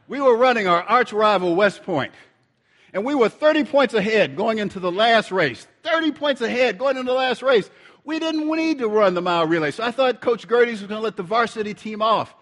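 A middle-aged man preaching, telling a lively story and acting out the dialogue. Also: sits high, brisk, big-room sound. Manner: animated storyteller, acts out dialogue. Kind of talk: storytelling sermon.

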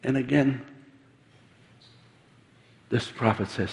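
A man preaching a sermon in an animated, emphatic way, with many repeated restarts. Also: mid-range voice, unhurried, creaky, pauses often. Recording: long reverb of a large hall.

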